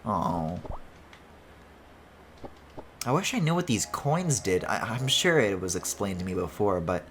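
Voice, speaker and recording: A man's voice: lowish voice, very animated, measured pace, fairly bright tone, a little hiss or hum. A man streaming a video game, chatting casually as he plays, swearing and laughing often. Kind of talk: casual let's-play commentary.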